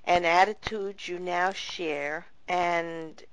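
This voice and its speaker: A woman's voice: on the low side, steady tone, slow pace, rough recording. A woman hosting a radio interview who asks earnest, emphatic questions.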